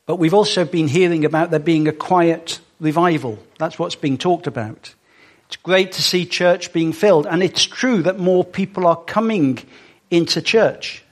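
A man's voice: on the high side, moderate pace. A man giving a sermon in a conversational way, with fillers and small asides to the congregation. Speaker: preacher.

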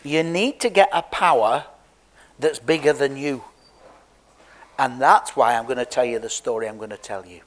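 A man's voice: medium pitch, normal speed, pauses often. An Englishman telling a Bible story to children in a jokey, chatty way, talking straight to them. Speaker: preacher giving a children's talk.

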